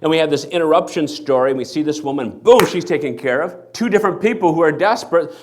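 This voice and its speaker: A man's voice: a little high, fast talker, few pauses, a little hiss or hum. A male pastor preaching a sermon, acting out the people in the story as he goes. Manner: animated, acts out the people in the story. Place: church.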